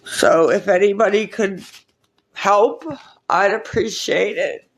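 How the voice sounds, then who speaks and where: A woman chatting on a live stream, reading viewers' comments and asking for donations, weary and sighing, with halting restarts. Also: mid-range voice, a little hiss or hum, poor audio.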